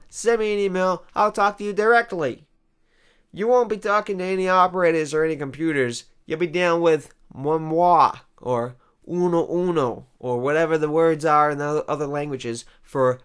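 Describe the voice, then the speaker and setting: A man hosting a comedy vlog, ranting in a rambling, exasperated monologue that swings between loud outbursts and quiet asides. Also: fairly high pitch, clear, resonant tone.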